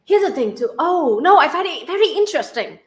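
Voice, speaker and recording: A woman with a Vietnamese accent hosting a casual livestream, halting and repeating words and laughing often. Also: extremely high pitch, big pitch swings. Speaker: livestream host.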